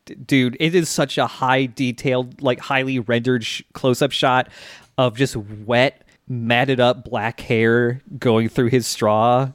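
A man's voice: medium pitch, level tone, slow, dry recording, clean studio sound. A man co-hosting a casual anime podcast, animatedly retelling scenes and acting out the characters' lines, often laughing. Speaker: podcast co-host. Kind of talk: casual anime recap chat.

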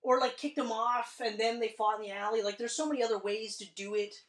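A woman's voice: on the high side, quick pace. Blunt, sweary woman in a roomy space. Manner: blunt, sweary, animated critique. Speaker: podcast co-host. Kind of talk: casual movie review chat. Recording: roomy, distant mic.

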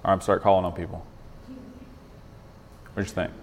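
A man's voice: sits low, little pitch movement, a little fast, a little hiss or hum. Man, Bible study leader, conversational, many restarts, long reverb. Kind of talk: teaching a group discussion.

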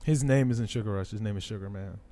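A man co-hosting a casual chat, animated and acting out little scenes as he argues. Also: fairly low pitch, fast. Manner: animated, acts out scenarios with voices.

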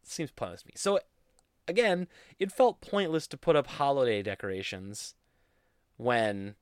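A man's voice: mid-range voice, big pitch swings, normal speed, clear, resonant tone, no room sound. A young man hosting a casual solo podcast, rambling in a goofy, self-deprecating way into a studio mic. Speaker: podcast host.

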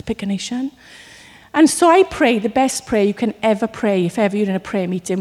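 A woman from Wales preaching a sermon, telling stories with lively acted asides. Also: medium pitch, a little fast, in a large hall. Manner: animated storytelling with acted asides.

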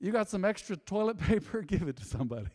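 High-voiced pastor in a reverberant hall. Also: male voice, brisk. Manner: animated, joking, folksy. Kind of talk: sermon. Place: church sanctuary.

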